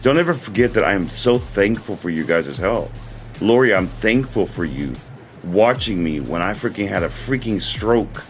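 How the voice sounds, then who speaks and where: Low-voiced man rambling on a livestream. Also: lively intonation, normal speed, soft background music. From United States. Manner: rambling, earnest, repeats himself. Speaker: livestream host. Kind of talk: casual livestream talk.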